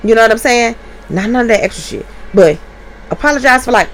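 A woman, a stay-at-home mother hosting her podcast from home in a blunt, profane, emphatic monologue that jumps up in pitch when she gets heated. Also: expressive, fast. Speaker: podcast host. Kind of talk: candid monologue. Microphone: podcast mic.

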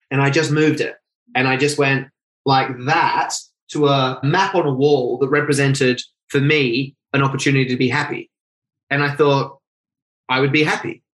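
A man tells a personal story as an interview guest. He talks in fast, lively bursts, often correcting himself mid-sentence. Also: a little high, rough recording. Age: 20s. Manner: animated, rapid storytelling with self-corrections.

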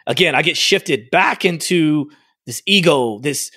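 A man with a slightly high voice tells a story from his work as a fitness trainer. He talks casually and animatedly, dropping plenty of "like" and acting out what people said. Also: a little slow, no room sound, studio quality. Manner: animated, acts out quoted dialogue, frequent "like". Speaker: fitness studio owner and trainer.

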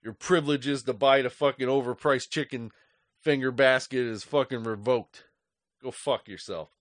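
A man's voice: medium pitch, fairly even intonation, moderate pace, no echo. Middle-aged male podcast host, angry profane rant, dry recording.

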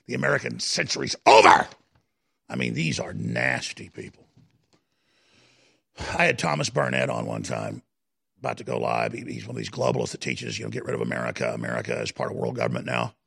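Speaking at an extremely low pitch with huge swings, this man's fairly bright voice carries vocal fry. As a talk radio host, he rattles off impassioned, wandering political commentary, heaping up phrases and restarting sentences repeatedly.

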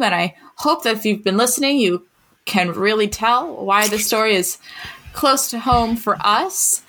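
Brief: woman podcast host, bright and a bit high, laughs often. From rural Maryland. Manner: laughs often, animated when telling stories. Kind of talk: casual chat.

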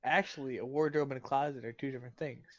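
A man's voice: medium pitch, fairly even intonation, quick pace, no echo, muffled recording. A young man co-hosting a casual podcast, rambling and searching for words. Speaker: podcast co-host.

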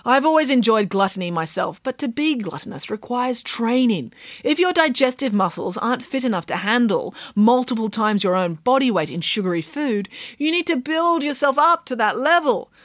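A woman's voice: fairly high pitch, very animated, moderate pace, no echo, clean studio sound. A woman voicing a boisterous, greedy female pig nanny in an audiobook who tells stories theatrically. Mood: boastful.

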